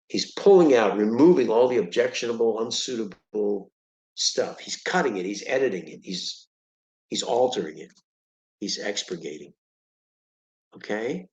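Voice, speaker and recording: Low-voiced man tutoring vocabulary, echoey room. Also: lo-fi sound. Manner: patient, explains with examples, keeps checking with "okay?". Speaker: reading tutor. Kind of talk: one-on-one vocabulary lesson.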